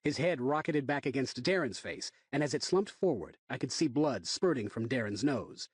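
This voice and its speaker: A man narrating a thriller audiobook in the first person, in an expressive, tense reading. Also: mid-range voice, moderate pace, husky, dry recording, clean studio sound.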